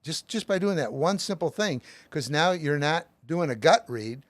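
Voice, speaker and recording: A man's voice: a little high, animated, normal speed, no room sound. A middle-aged man as an author and guest, explaining his method with plenty of everyday examples. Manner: emphatic, uses lots of everyday examples.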